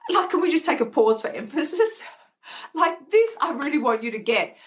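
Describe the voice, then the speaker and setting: A middle-aged woman hosts a self-help live stream, her voice sitting a bit high. She talks casually and animatedly, acting out the voices in her head. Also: fairly quick. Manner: animated, acts out inner voices. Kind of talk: casual motivational talk.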